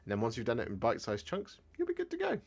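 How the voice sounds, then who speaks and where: A man's voice: mid-range voice, wildly swooping pitch, rapid-fire, creaky, breathy edge. A young man with an English West Country accent, chatting casually on a live stream and answering viewers' questions. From Gloucestershire, England. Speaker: streamer painting miniatures. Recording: faint music behind.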